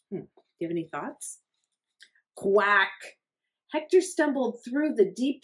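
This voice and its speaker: A woman reading a picture book aloud to children at library storytime, pausing to ask the young listeners hushed questions. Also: mid-range voice, poor audio.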